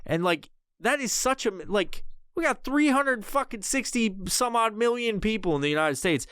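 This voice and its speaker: A man's voice: sits high, animated, normal speed, fairly bright tone, clean tone, dry recording, studio quality. A man hosting a podcast, ranting casually and profanely through a headset mic, rambling with many restarts. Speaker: podcast host.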